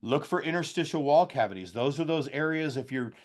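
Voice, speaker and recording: A man's voice: fairly high pitch, expressive, brisk, darkish tone. Folksy man giving a sales training talk. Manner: folksy, loose and conversational, acts out customer dialogue. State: a slight cough. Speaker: trainer for heat pump contractors.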